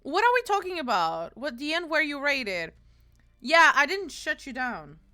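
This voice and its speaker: Woman, game streamer, chatty, teasing, swears a lot, bright tense tone. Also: high-pitched, sing-song, measured pace. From Portugal. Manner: chatty, teasing, swears freely while playing. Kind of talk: casual gaming stream chat.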